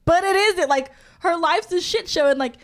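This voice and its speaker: A woman's voice: extremely high pitch, normal speed. A woman co-hosting a casual book-club podcast, reading passages aloud with relish and laughing often. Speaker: podcast co-host.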